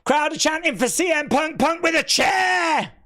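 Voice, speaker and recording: Excitable high-voiced live stream reactor. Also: normal speed. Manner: excitable, bursts into shouts at big moments; chatty, asides to viewers. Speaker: watch-along stream host.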